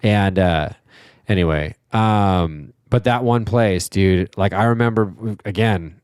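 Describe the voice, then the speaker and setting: Animated man telling a bar story. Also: low-pitched, slow, clear, resonant tone, dry recording, clean studio sound. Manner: animated storyteller, swears, lots of fillers. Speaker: podcast co-host. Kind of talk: casual chat, storytelling.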